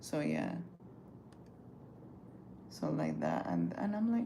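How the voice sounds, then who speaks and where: Gravelly woman telling a story. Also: low voice, slow pace, pauses often, noisy background. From Caribbean. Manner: animated, profane, chatty, acts out quotes. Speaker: livestreamer. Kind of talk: casual storytelling livestream.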